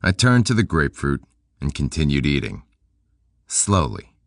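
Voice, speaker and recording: Very deep, deadpan male audiobook narrator. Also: moderate pace, creaky, no echo. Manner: deadpan, dry, low-key. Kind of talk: first-person audiobook narration.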